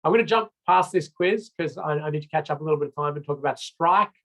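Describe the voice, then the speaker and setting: A man's voice: fairly high pitch, fast talker, sharp tone, poor audio. A man with an Australian accent giving a recorded road safety training lecture in a casual, chatty way, with many fillers and restarts.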